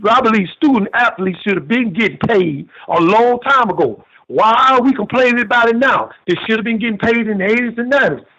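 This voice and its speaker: A man's voice: extremely high pitch, fairly quick, few pauses, sharp tone, highs cut off. A man calling in to a sports show, folksy and rambling, telling long funny stories. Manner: folksy, repetitive, tells long funny anecdotes. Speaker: caller. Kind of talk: rambling call-in storytelling.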